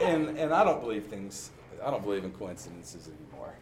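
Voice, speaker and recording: A man's voice: mid-range voice, sing-song, moderate pace, few pauses, noisy background. A man sharing his recovery story in a candid testimony, telling it with self-mocking humor and frequent laughter. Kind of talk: personal testimony talk.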